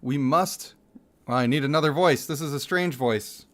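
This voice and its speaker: An excitable man hosting a live mobile-game stream, chatting with viewers and reading champion lore aloud. His voice sits a little high for a man, and he laughs easily as he thanks supporters by name. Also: normal speed. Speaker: streamer and gaming channel host.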